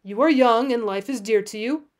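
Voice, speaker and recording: A woman voicing a dying old male frontier hunter who speaks in a solemn, pleading, old-fashioned way, in a high voice. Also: moderate pace, lightly acted. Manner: solemn, pleading, archaic speech.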